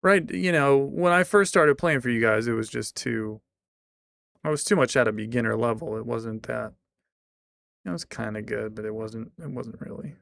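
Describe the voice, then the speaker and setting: Male streamer, relaxed and rambling, dry close sound, gravelly edge. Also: medium pitch, normal speed, dry recording. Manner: rambling, filler-heavy. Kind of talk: casual live-stream chat.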